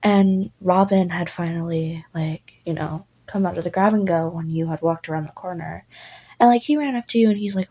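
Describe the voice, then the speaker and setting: Gravelly-voiced woman casually narrating a story. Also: fairly low pitch, steady tone, a little fast, warm tone, low-quality recording. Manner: rambling, apologetic, swears, lots of fillers. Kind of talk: casual listener role-play narration.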